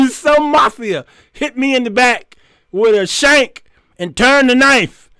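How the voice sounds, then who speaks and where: A man imitating a theatrical male defendant who begs the judge over and over and croons flattery at him in a low voice. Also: takes it slowly, clear, resonant tone, no room sound, heavily acted. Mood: loud protesting. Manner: begging and repeating himself, crooning low when flattering. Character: pleading flirtatious male defendant, theatrical and desperate.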